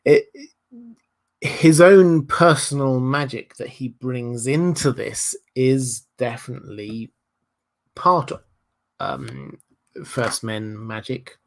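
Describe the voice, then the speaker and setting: Slow, hesitant Southern English man. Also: medium pitch, creaky. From Hampshire, England. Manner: thoughtful, hesitant, many ums and uhs. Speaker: livestream host. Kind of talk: livestream Q&A, answering viewers.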